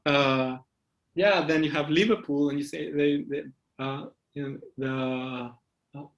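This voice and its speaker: A man with a Latin American Spanish accent speaks as a guest at a conference. He talks loosely and chattily, full of fillers and quick laughs. The sound comes through a video call. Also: fairly high pitch, fairly even intonation, highs cut off. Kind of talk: casual conference talk.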